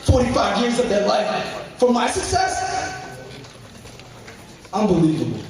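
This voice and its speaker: A young man giving a fervent motivational speech to a business group, repeating key phrases and breaking into shouts. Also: high-pitched, wildly swooping pitch, measured pace, creaky. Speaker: motivational speaker at a business meeting. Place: large indoor hall with a live audience. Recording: very echoey hall, mic far off, crowd.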